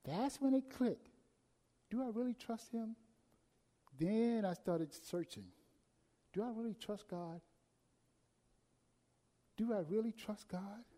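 A man preaching a sermon, swinging between loud emphasis and hushed, quiet passages. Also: high voice, takes it slowly, pauses often. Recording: long hall reverb.

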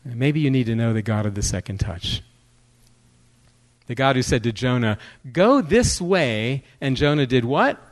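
A man preaching as a guest speaker, swinging between hushed moments and urgent pleas. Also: medium pitch, normal speed, long pauses, rough recording. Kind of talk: sermon.

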